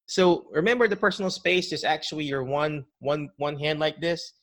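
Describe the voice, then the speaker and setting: A man with a slightly high voice speaks at a moderate pace with few pauses, recorded dry. He's a dementia care educator interviewed on a podcast call, lively and restarting often while acting out caregivers' greetings to patients.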